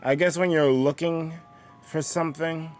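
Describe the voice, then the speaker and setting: A man's voice: fairly high pitch, steady tone, measured pace, faint music behind. A man streaming a game, chatting casually with many fillers and restarts. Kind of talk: casual gaming stream chat.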